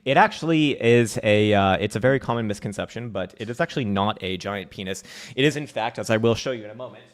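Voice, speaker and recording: A man's voice: on the low side, fast. A man hosting a casual livestream market update at home, reading chat with profane jokes and frequent laughs. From United States. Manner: profane, joking, laughs often. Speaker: host.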